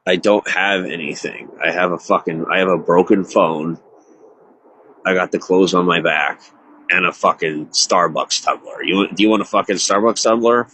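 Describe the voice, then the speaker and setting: Alone on a live stream, a man rambles in distress, close to tears, leaning heavily on fillers and interrupting himself. His deep voice moves at a moderate pace with a sharp tone. There's a bit of hiss or hum, and the audio is poor overall.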